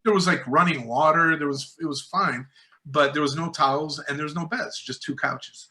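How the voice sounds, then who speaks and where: A man's voice: on the high side, normal speed, pushed and bright. A man, a filmmaker guest, tells rambling anecdotes full of fillers and restarts, acting out other people's lines in a raised voice. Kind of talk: casual storytelling in a podcast interview.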